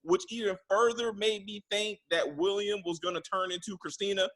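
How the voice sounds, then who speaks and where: A man's voice: high-pitched, fairly even intonation, normal speed, fairly bright tone. A man hosting a casual TV recap podcast, rambling loosely with profanity and asides. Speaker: podcast host.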